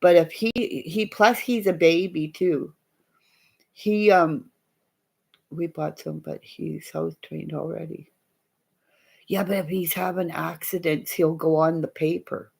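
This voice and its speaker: A woman's voice: deep voice, fairly even intonation, slow pace, creaky, darkish tone, breathy edge. A middle-aged woman, chatting casually and rambling as she hosts a live stream for viewers, laughing often along the way. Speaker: livestream host.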